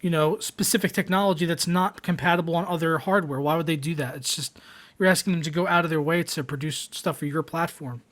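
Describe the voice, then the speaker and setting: Young guy hosting a gaming stream, kinda high voice, opinionated, talks to chat. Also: steady tone, brisk, a bit bright. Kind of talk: casual live-stream chat.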